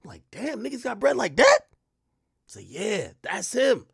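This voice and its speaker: A man in his thirties hosts his stream and tells a story in casual, profane street slang. His voice sits high and swings widely in pitch, jumping from loud outbursts to low mutters. The sound is dry and close to the mic. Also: a little slow, vocal fry, breathy edge, dry recording. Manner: animated, swings between loud bursts and muttered asides. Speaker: streamer host.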